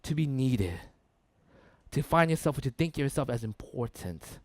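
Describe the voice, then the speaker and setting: A man's voice: medium pitch, lively intonation, measured pace, no room sound. A man preaching a sermon as pastor, talking conversationally, often checking in with "right?" and "okay?" and repeating words for emphasis.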